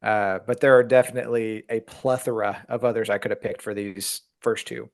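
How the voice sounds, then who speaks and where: A man's voice: on the low side, level tone, brisk, vocal fry. A man chatting as a podcast guest, easygoing and given to dry jokes. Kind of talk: casual chat.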